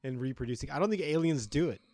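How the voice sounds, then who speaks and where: A man's voice: fairly high pitch, lively intonation, quick pace, a little mellow, no echo. A man co-hosting a podcast in casual chat, rambling and profane with frequent fillers, on a close mic. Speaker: podcast co-host.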